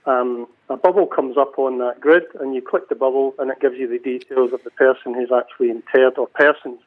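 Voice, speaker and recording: A man's voice: medium pitch, fairly even intonation, brisk. Scottish man on a phone line. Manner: chatty, many restarts. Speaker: cemetery CEO, phone guest. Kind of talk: casual radio interview.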